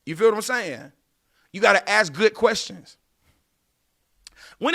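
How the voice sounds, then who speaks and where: A man in his late thirties hosts a podcast, delivering dating advice in a casual, preachy monologue aimed straight at his listeners. His voice is high with vocal fry, and he speaks unhurriedly with frequent pauses, animated throughout.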